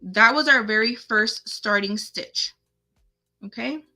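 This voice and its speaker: Faint music sits behind a woman's fairly high, pushed and bright voice as she slowly works through a craft tutorial live from home. Chatty, she talks both to herself and to her viewers while clicking through the on-screen steps.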